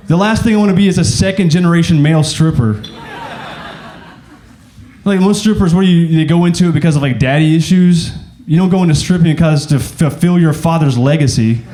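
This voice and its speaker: A man's voice: a little high, a little fast, mellow. A man from Arkansas doing a stand-up comedy set, rambling casually with lots of fillers. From Arkansas, USA.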